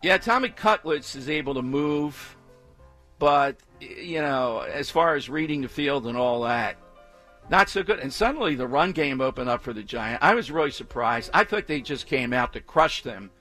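A man's voice: mid-range voice, expressive, moderate pace, pushed and bright, faint music behind. A man hosting a talk radio show, delivering an emphatic, opinionated monologue full of repetition. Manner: emphatic, repetitive, mocking chants with exaggerated inflection.

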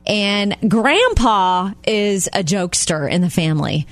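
Animated female co-host, mid pitch, dry studio sound. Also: measured pace, dry recording. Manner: animated storyteller, lively. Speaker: radio co-host. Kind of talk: casual chat.

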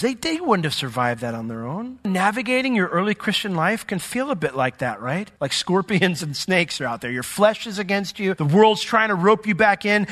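A man preaching a sermon as pastor, in a conversational way with joking asides and sudden jumps in pitch. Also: fairly bright tone. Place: church sanctuary. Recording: long hall reverb.

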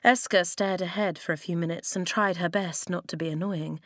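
A woman narrating an audiobook in a calm, even storytelling manner. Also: on the low side, normal speed, no room sound, studio quality.

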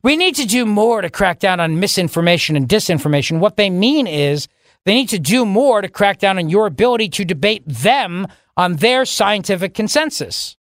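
A man hosting a political talk radio show, delivering a sarcastic, mocking monologue with sudden jumps in pitch for emphasis. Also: a bit bright, no room sound, studio quality.

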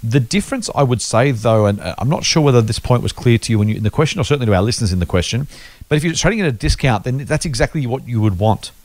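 A man co-hosting a casual investing podcast. He talks quickly and walks through his points patiently with examples. The recording is close and dry, with no room sound. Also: mid-range voice, expressive, darkish tone, no room sound. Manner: explains patiently with worked examples. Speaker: podcast co-host.

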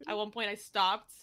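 A woman's voice: medium pitch, pushed and bright. A woman chatting casually on a sports radio show, animatedly recounting her frustration with a game.

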